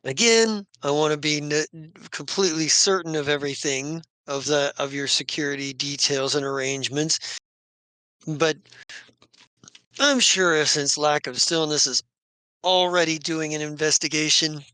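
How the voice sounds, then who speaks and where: A man voicing a formal, aristocratic male count who speaks deliberately, close to his own voice. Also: fairly high pitch, bright, forceful tone, clear, resonant tone, no room sound.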